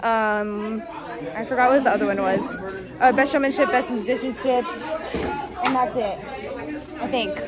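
A teenage girl filming a vlog at a competition, excitable and chatty, full of fillers. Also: a little high, moderate pace, long pauses. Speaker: vlogger. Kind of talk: excited casual vlog chat. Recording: phone in a crowded hall. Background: crowd chatter.

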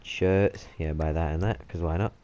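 Gamer bloke swearing nonstop, laughing at his own jokes, kinda low voice. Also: fairly even intonation, moderate pace, warm tone. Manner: sweary, joking, laughs often. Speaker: gaming channel host. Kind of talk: gameplay commentary.

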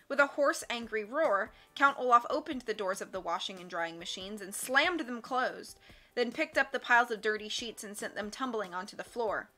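A woman reading a children's novel aloud in a steady, wry storytelling manner. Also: medium pitch. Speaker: audiobook reader. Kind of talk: storybook narration. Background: faint music.

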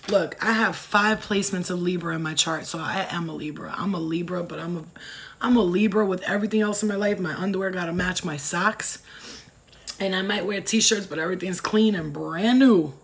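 A woman with a fairly low voice gives a casual tarot reading at a brisk clip. She's brash and profane, rambling and wandering off on tangents.

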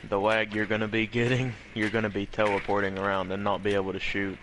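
A man's voice: on the low side, monotone, fast, noisy background. Joking Southern man on a gaming stream. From American South. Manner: joking storyteller, laughs often. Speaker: streamer playing a shooter game. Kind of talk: casual gaming chat.

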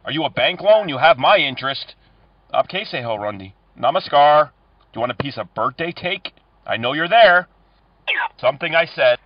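A man making prank phone calls, delivering cheesy pick-up lines in a deadpan way. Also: a little high, moderate pace, highs cut off. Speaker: prank caller.

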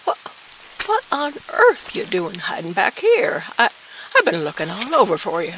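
Warm-hearted woman friend, soft and lively, audio drama. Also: medium pitch, moderate pace, slight background noise, rough recording. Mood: coaxing. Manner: gentle, coaxing, folksy speech. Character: caring woman friend, soothing.

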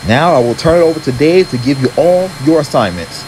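A man's voice: fairly high pitch, lively intonation, brisk, noisy background, close to an everyday voice. A man voicing a serious middle-aged railway boss giving firm instructions.

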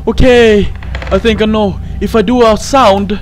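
A woman commentating a horror game playthrough, jumpy and frightened, swearing, laughing nervously and shouting in fright. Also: mid-range voice, steady tone, unhurried, slight background noise. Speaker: gaming channel host. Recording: game music behind the voice.

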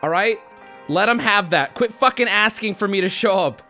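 A man streaming live, talking casually to his chat and reacting to donations, loud and excitable, often breaking into shouts. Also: high-pitched, normal speed, faint music behind.

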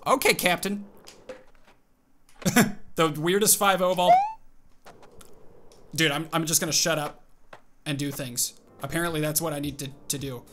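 A young man giving excited, animated commentary on his own gameplay, calling out tricks and reacting aloud. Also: fairly high pitch, a little slow, long pauses, faint music behind. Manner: animated, exclaims and narrates tricks to himself. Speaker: gaming video host.

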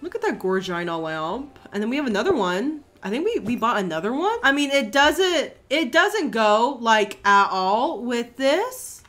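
Young woman, gaming streamer, lively swooping voice, excitable, swears a lot. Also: fairly high pitch. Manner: excitable, profane, talks to the chat. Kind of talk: casual gameplay commentary.

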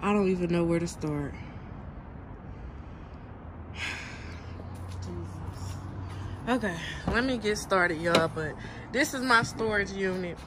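A family vlogger chats casually with her viewers, telling a story from her storage unit, which is partly outdoors. Her voice is lowish and slow with frequent pauses, and the recording is very noisy.

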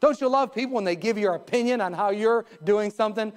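A male pastor preaches a live sermon in a church sanctuary, fast and emphatic, with sudden rises and drops in pitch and pace. He chuckles at his own jokes.

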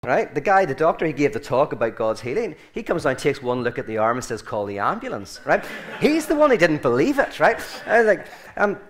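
A man's voice: a little high, big pitch swings, a little fast, hardly any pauses. Irish man, guest speaker, casual and digressive, restarts a lot, humor-laced storytelling. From Ireland. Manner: rambling, self-correcting, joking. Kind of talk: informal talk to a group.

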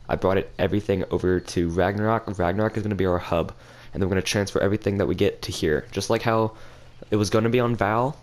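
A young man with a cold and a stuffy nose, casually commentating a video game as he plays and thinks aloud. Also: deep voice. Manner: rambling, thinking aloud while playing. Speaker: gaming channel host.

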